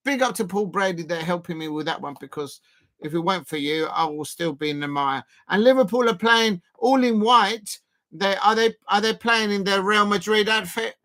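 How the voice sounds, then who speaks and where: A man streaming a football watch-along, chatting casually and bursting into excited shouts at the match. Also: sits high, normal speed. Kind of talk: casual live commentary.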